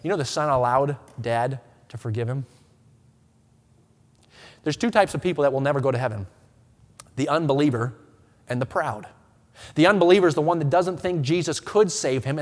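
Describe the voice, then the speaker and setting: A man in his thirties preaching a sermon to his congregation, swinging from quiet earnest talk to loud impassioned appeals, often stumbling and restarting his words. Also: mid-range voice. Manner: stammering restarts. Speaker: pastor. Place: church sanctuary with a congregation. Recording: long reverb of a church hall.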